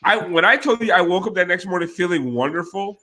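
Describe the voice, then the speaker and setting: A man's voice: high voice, animated, a little fast, bright, forceful tone, slight background noise. A man telling a rowdy, profane story on a casual chat show, laughing often.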